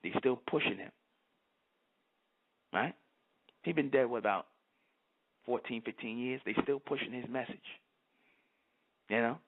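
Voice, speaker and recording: A man's voice: mid-range voice, measured pace, long pauses. A man, preaching fiercely to his listeners and asking "you understand?" again and again. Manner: fiery, repeats "you understand?". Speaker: channel host. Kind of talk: preaching monologue. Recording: tinny phone-like audio.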